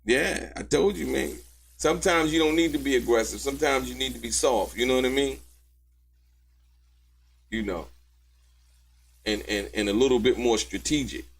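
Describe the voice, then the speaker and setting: A man's voice: medium pitch, normal speed, vocal fry, pauses often, slightly rough. A man hosting a commentary show, talking emphatically and in slang about courtroom testimony and calling out to his viewers. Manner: animated, emphatic and slangy, calls out to viewers by name. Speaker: host and commentator. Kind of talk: commentary on trial testimony to a live audience.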